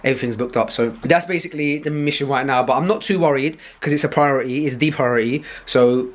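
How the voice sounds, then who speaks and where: A young man, talking to camera in a rambling, excitable vlog style, full of fillers and restarts. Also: mid-range voice, fast. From Pakistani heritage. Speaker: vlogger and podcast host.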